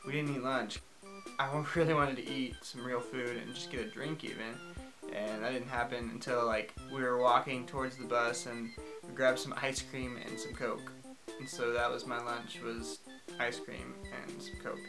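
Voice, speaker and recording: A man's voice: medium pitch, level tone, normal speed, poor audio. A young man casually recapping his day on tour, chatty and laughing between sentences. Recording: music playing underneath.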